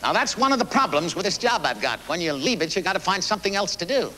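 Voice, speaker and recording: An actor playing a blunt, folksy older American president with a Missouri accent, performing live on stage. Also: male voice, sits high, very animated, fast, background noise. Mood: folksy storytelling. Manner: folksy, salty, emphatic. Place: theater stage.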